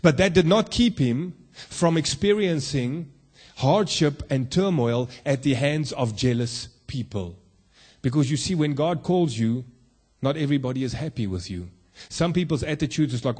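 A man's voice: medium pitch, lively intonation, normal speed, a little mellow, slightly rough. A man preaching a sermon, emphatic and full of rhetorical questions to the congregation, from South Africa.

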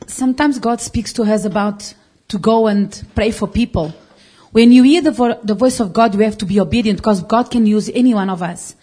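A woman tells her testimony before a congregation in a mellow, warm voice. She speaks earnestly, restarting sentences and phrasing things loosely as the story pours out. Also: medium pitch, a little fast, breathy edge. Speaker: congregation member giving testimony. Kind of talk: personal testimony.

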